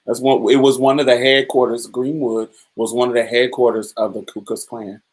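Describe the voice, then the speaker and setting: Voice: medium pitch, flat delivery, normal speed, poor audio. Candid podcast host telling stories. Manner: candid, storytelling, loose and colloquial. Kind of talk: casual podcast monologue answering chat.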